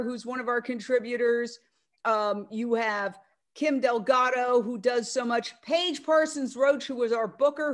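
Loud, animated woman on a video call. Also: high-pitched. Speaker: media network founder speaking at an online event. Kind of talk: casual speech on a video call.

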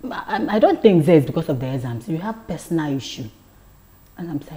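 Low, mellow woman telling a story. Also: brisk. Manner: animated storyteller, drops to a hush for quoted lines. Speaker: talk show guest. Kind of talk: storytelling in a talk show interview.

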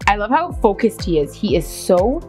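A woman's voice: medium pitch, moderate pace, over loud music. A woman hosting a reaction video, chatting casually, teasing and laughing a lot. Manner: animated, teasing, laughs often.

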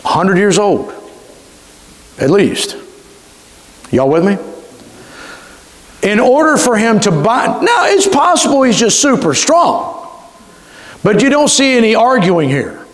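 A man pastor, preaching a sermon with emphatic delivery and slowly stretched key words. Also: high-pitched, big pitch swings. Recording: reverberant church hall.

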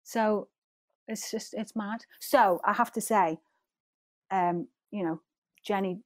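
A woman's voice: medium pitch, slow pace, dry recording. A woman in her thirties with a Scouse accent, chatting as a guest in a giggly, rambling way. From Liverpool. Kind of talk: casual interview chat.

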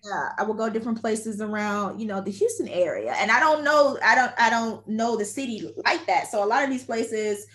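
A woman hosting a podcast tells a personal story casually, in a chatty and animated way. Her voice sits a bit higher than average. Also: fairly quick, few pauses. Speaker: podcast host. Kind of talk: casual conversation.

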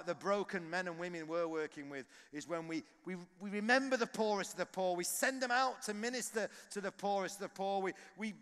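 A man preaching a passionate sermon that rises to loud exhortation at a conference. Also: sits high, clear, resonant tone. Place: large conference hall. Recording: long hall reverb.

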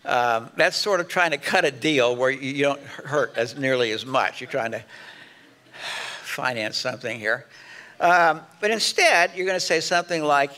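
A man's voice: medium pitch, lively intonation, moderate pace, bright, forceful tone. A middle-aged man preaching a conversational sermon as pastor, acting out sample apologies in quotes.

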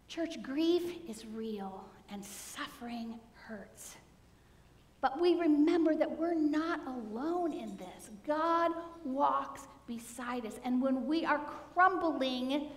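A woman pastor preaching a sermon, telling a story in a soft, earnest way and dropping to a hush at key points. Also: fairly high pitch, slight background noise. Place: church sanctuary. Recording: echoey church hall.

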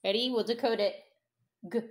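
A young woman teaching a toddler phonics at home, sounding out letters slowly in a sing-song, encouraging way. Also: a little high, steady tone. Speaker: parent teaching a child to read.

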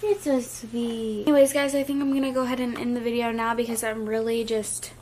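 Chatty young woman vlogging from home while feeling queasy, a bit high-pitched, light noise under the voice. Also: monotone, quick pace, a little mellow. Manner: chatty, many "like" fillers. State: nauseous. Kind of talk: casual vlog. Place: at home with a baby.

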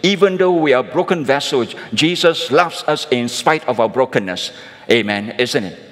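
A man's voice: mid-range voice, animated, normal speed. A man preaching a sermon as pastor, calling his listeners friends and closing points with tag questions. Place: church sanctuary. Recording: long reverb of a large church hall.

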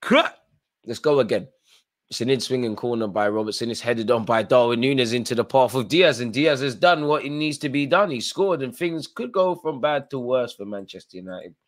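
A man's voice: mid-range voice, a little fast. A tired man hosting a live football watchalong, chatting through play-by-play with fan reactions. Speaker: watchalong host.

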